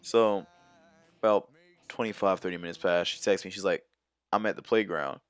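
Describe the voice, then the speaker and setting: Soft background music plays under a young man's deep voice, recorded with no echo. At a moderate pace, the vlogger rambles through a personal story in slang, animatedly reenacting quoted exchanges and leaning heavily on fillers.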